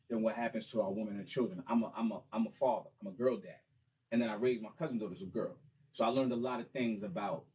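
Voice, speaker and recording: A man's voice: lowish voice, a little mellow, breathy edge, lo-fi sound. A middle-aged man, an author and mentor, talking casually to a small audience at a bookstore launch, often saying "you know what I mean.". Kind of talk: casual talk and a cappella spoken-word song.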